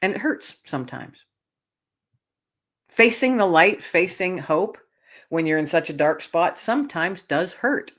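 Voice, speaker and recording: A woman's voice: fairly low pitch, sing-song, a little slow, pauses often, fairly bright tone. A woman hosting a podcast, tearful and earnest as she tells a personal story and speaks directly to her listeners. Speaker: podcast host.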